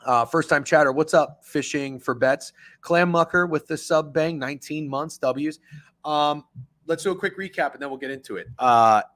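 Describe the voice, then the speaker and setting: A man's voice: a little high, normal speed, fairly bright tone, no room sound. A man hosting a sports betting livestream, talking loosely and swearing as he reads chat. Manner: loose, profane, chatty, reads chat aloud. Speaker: sports betting show host. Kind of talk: casual livestream chat with viewers.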